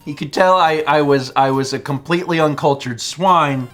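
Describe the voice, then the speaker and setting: A man in his thirties co-hosting a casual chat show, telling an animated story and mimicking other people's voices. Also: a little high, moderate pace, soft background music. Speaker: co-host.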